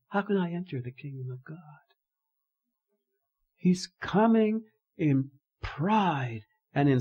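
A man's voice: medium pitch, breathy edge. A man preaching a sermon as pastor, telling a story with emphatic, dramatic delivery.

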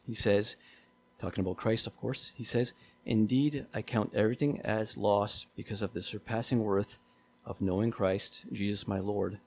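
A man's voice: lowish voice, creaky, darkish tone. A man preaching a sermon in a conversational way, often repeating himself and asking his listeners questions.

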